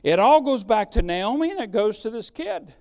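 High, resonant-voiced male preacher. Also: big pitch swings, normal speed, darkish tone. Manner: emphatic preaching with rhetorical questions. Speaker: pastor. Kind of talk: sermon.

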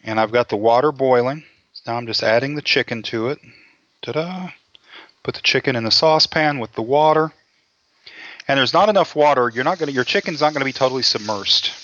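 In casual cooking show chat, a fast-talking man with a mid-range, slightly bright voice cracks folksy jokes and narrates each step. There's no room sound, and the recording is dull, lo-fi, and dry.

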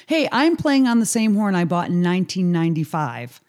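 A woman in her forties co-hosting a casual podcast as a saxophone teacher, chatty and quick to laugh. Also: lowish voice, big pitch swings, a little mellow. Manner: friendly, laughs easily, chatty. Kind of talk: casual chat.

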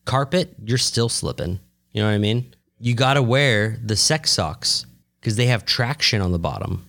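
A man's voice: lowish voice, lively intonation, normal speed, gravelly, fairly bright tone. A man co-hosting a podcast, talking bluntly with lots of swearing and rambling asides. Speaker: podcast co-host. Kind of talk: casual comedic chat.

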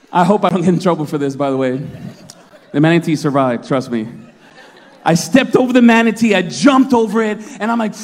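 High-voiced animated male pastor in his thirties. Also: moderate pace, long pauses, in a large hall. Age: 30s. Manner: animated storytelling, laughing often, acting out his own shouts. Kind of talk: sermon.

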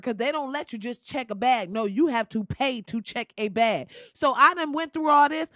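Loud, laughing woman ranting profanely. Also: sits high, dry recording, studio quality. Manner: loud, laughing, swearing, animated storytelling. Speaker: commentator. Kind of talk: profane comedic rant.

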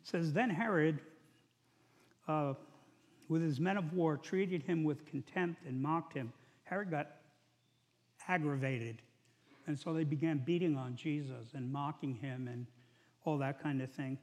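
A man's voice: on the high side, unhurried, long pauses. A middle-aged man preaching a sermon in a loose, conversational way, retelling scripture in his own words. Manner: conversational, paraphrasing scripture with acted quotes. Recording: echoey hall.

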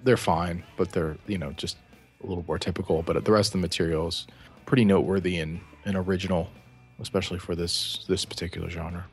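A man co-hosting a music podcast, speaking casually in halting bursts with many fillers and restarts. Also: low-pitched, fairly even intonation. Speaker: podcast co-host. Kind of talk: casual album review chat.

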